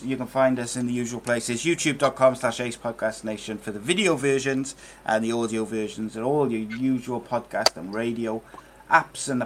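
A fairly bright, mid-range male voice carries a bit of hiss or hum. He's the host of a casual football podcast, talking in a chatty, rambling manner full of fillers.

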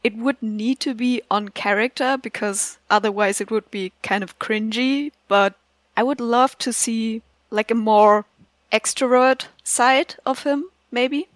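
A woman talks thoughtfully and at a measured pace in a casual chat. Her voice is fairly high. The sound is dry and close. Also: dry recording.

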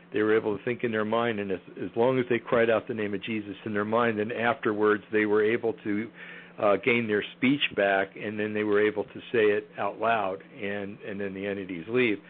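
A man's voice: fairly low pitch, a little hiss or hum. A man guest in a casual interview, talking hesitantly with many fillers and restarts. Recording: tinny phone line.

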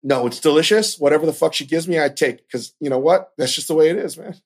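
A man hosting a podcast, ranting in casual, profane commentary with animated outbursts. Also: a little high, fast talker. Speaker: podcast host.

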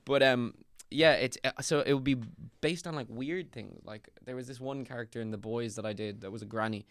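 A young Irish man, an actor, chatting casually and telling stories in an animated, rambling way with lots of fillers and restarts. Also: medium pitch, a little fast, dry recording. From Ireland. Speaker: actor, guest. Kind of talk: casual podcast chat.

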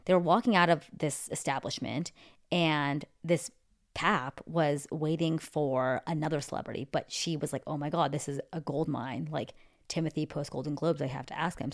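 A young woman talking through celebrity gossip in a casual, opinionated way, full of asides and fillers. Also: sits low. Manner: chatty, opinionated, fast asides, lots of "like". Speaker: pop culture commentator.

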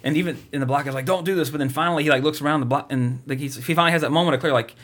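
A man's voice: on the high side, fairly even intonation, very fast, a bit bright. A man casually recapping a movie plot, rambling and profane, mocking it as he goes.

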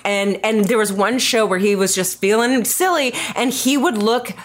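A woman who performs comedy, a podcast guest telling a story in a lively way and laughing along. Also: mid-range voice, normal speed, a little hiss or hum. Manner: lively, laughing while she tells her story. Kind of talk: casual chat, storytelling.

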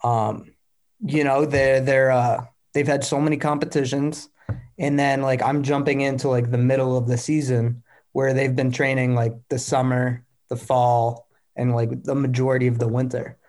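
A man's voice: mid-range voice, level tone, normal speed, darkish tone. A young man, a competing athlete, answering interview questions in a rambling, upbeat way full of "like" fillers.

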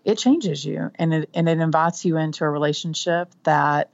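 A woman from the Texas Panhandle with a Texan accent, chatting warmly as a guest author about her faith and family. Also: low voice, normal speed, gravelly, dull audio. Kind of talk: casual interview chat.

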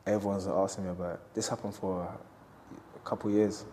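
A man's voice: fairly low pitch, fairly quick, darkish tone, slight background noise. A man, a boxer speaking candidly in an interview, reflective and storytelling with quoted asides.

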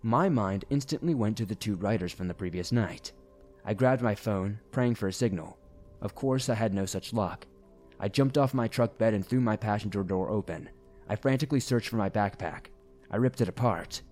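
A man reading a first-person horror story aloud in a steady, grave storytelling manner. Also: fairly low pitch, normal speed. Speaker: narrator. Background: faint music.

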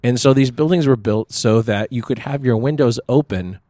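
A middle-aged man co-hosting a podcast in casual chat, telling a story in a meandering way with many pauses and restarts. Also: medium pitch, mellow, no echo. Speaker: podcast co-host.

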